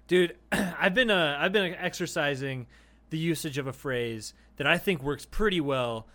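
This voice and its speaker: This man talks with a high voice as he co-hosts a comedy podcast. He swears freely and laughs a lot. He acts out exaggerated quotes in his casual banter. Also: unhurried, pushed and bright. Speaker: podcast co-host.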